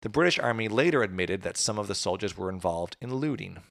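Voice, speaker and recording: A man's voice: fairly low pitch, lively intonation, fast, creaky, fairly bright tone, dry recording, studio quality. A man recounting history in a casual chat, with jokey asides. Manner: conversational storytelling, jokey asides. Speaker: podcast host.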